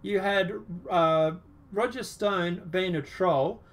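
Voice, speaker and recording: A man's voice: high-pitched, slow pace. A man hosting a casual political chat show, talking in a rambling, sarcastic, emphatic way. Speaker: show host.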